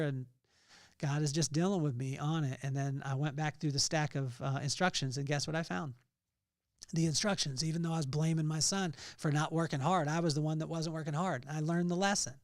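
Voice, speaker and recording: A man's voice: a little high, no echo, clean studio sound. A middle-aged man hosting a podcast, giving an earnest faith-based motivational talk with personal storytelling. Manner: earnest storytelling, rising to loud emphasis. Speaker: podcast host.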